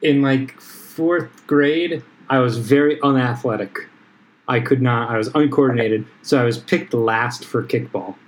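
A man's voice: medium pitch, measured pace, poor audio. A man chatting casually, joking around and laughing often. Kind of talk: casual chat.

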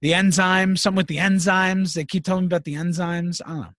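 A podcast host in casual chat, telling animated, profane stories. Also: male voice, high-pitched, quick pace, no room sound, clean studio sound.

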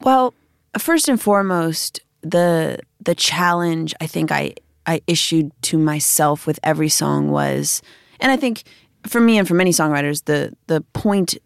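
A woman from Chicago talks casually as an interview guest and rambles as she thinks aloud. Her voice is very low and gravelly with plenty of fry. It is recorded dry and close. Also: no room sound. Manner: rambling, thinks aloud in loose winding sentences. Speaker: musician guest.

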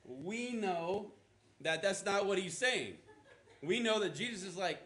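A male pastor delivers a sermon in a loose, conversational way, with asides to the congregation. His voice sits a little high. The sound carries the echo of a large church room. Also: animated, normal speed, fairly bright tone. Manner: conversational preaching, asides and acted quotes. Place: church auditorium.

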